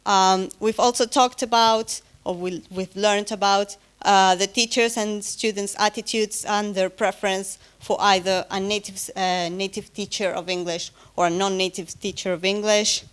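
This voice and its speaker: A woman's voice: medium pitch, fairly even intonation, normal speed, hardly any pauses, smooth. Woman presenting a lecture. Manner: hesitant, many fillers and self-corrections, light humor. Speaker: conference speaker giving closing talk. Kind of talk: academic conference presentation.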